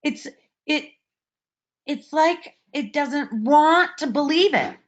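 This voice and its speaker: A woman's voice: high voice, expressive, takes it slowly, dull audio. A woman casually retelling a personal story, emotional and full of restarts, on an online call. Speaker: participant sharing a story.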